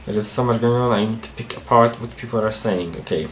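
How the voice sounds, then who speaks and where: A man's voice: lowish voice, a little hiss or hum. Man casually voicing a game. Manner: quick, casual reading with restarts. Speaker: amateur dubber playing a game.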